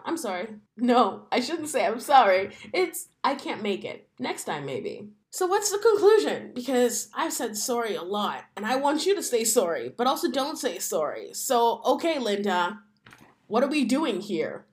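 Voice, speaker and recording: A woman's voice: fairly high pitch, sing-song, moderate pace. A woman in her thirties hosting a solo podcast, talking in a chatty, wry way and laughing often. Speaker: podcast host.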